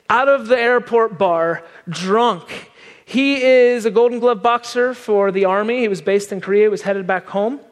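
Brief: male preacher, lively storyteller, high-pitched, reverberant hall. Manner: animated, self-deprecating. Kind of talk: sermon storytelling. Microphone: wearing a microphone.

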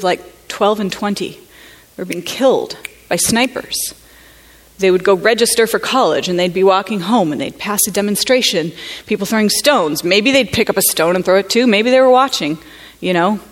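A woman from the United States gives a personal testimony at a conference, speaking in a middle-pitched voice. She talks earnestly and reflectively, pausing and restarting as she searches for words.

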